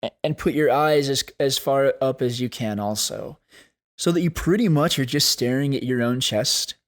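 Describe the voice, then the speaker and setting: A man hosting a solo podcast, talking in an earnest, thoughtful way and slowing down to stress key points. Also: medium pitch. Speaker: podcast host. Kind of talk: reflective solo podcast talk.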